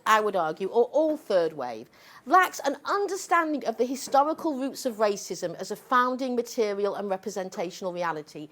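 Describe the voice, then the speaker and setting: Animated, sarcastic older woman lecturing. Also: fairly high pitch. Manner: emphatic and sarcastic, with frequent "okay?" tags. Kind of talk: lecture to a live audience.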